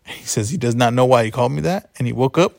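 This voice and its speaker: This man's voice is medium-pitched, quick, creaky and darkish, with clean studio sound and no echo. He hosts a casual sports betting talk show, chatting, rambling and self-correcting along the way.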